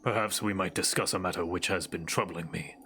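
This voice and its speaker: A solemn elder leader from a video game, low and quiet, as a man reads him. He speaks in a measured, consoling way, softer than the man's usual talk, over faint game music. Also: steady tone.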